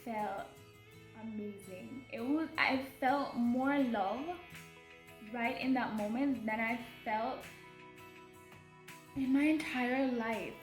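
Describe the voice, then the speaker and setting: A young woman recording a personal video diary for her daughter, talking in an emotional, hesitant way with many pauses and restarts. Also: a little high, roomy sound, faint music behind. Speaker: mother keeping a video diary.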